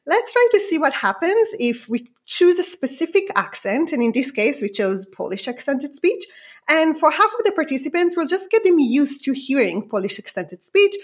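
A woman researcher with a non-native accent, explaining her study step by step in an interview. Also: fairly high pitch. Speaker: researcher guest.

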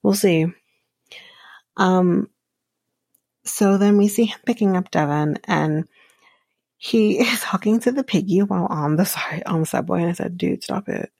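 A woman's voice: lowish voice, a little slow, vocal fry, long pauses, darkish tone, breathy edge, dry recording. A woman podcast host giving a casual TV episode recap, chatty with wry sarcastic asides.

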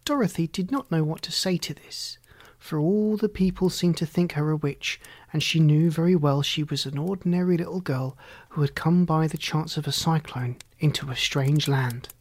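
A reader narrating a children's story in a soft, hushed, often half-whispered and unhurried way. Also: mid-range voice, dry recording. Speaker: audiobook reader.

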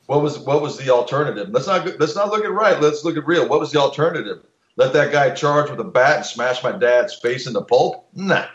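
A man's voice: medium pitch, animated, fairly quick, echoey room, dull audio. A man in casual podcast talk, blunt and opinionated, swearing freely and restarting his sentences.

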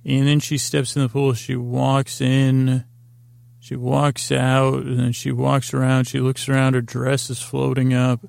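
A man's voice: mid-range voice, completely flat delivery, measured pace, creaky, darkish tone, no room sound, studio quality. A man hosting a podcast, loosely recapping scenes in a rambling way, full of fillers and restarts as he paraphrases what characters say. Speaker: podcast host. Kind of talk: rambling episode recap for sleep.

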